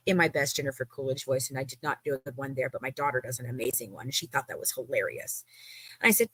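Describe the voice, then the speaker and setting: A woman's voice: rumbling low, fast, breathy edge, no room sound, clean studio sound. A middle-aged woman from the United States in casual chat, swearing freely and acting out the lines of people in her stories. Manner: animated, swearing, acts out quoted lines. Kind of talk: casual chat, profane storytelling.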